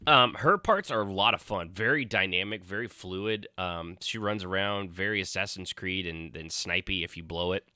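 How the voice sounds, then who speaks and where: Man, podcast host, low voice, dry close sound, rambling, swears freely. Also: moderate pace, hardly any pauses, sharp tone, no echo. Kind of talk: casual chat.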